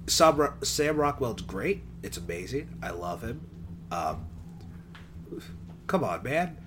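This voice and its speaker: A man's voice: medium pitch, sing-song, slow pace, noisy background. A man co-hosting a casual movie review chat, rambling with playful asides. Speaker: podcast co-host.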